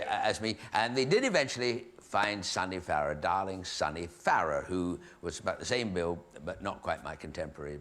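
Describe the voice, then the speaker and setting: A man's voice: sits low, a bit bright. Rambling comedian in his 60s. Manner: rambling, chatty storytelling with asides and hesitations. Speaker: comedian host. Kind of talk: stage anecdote to a live audience.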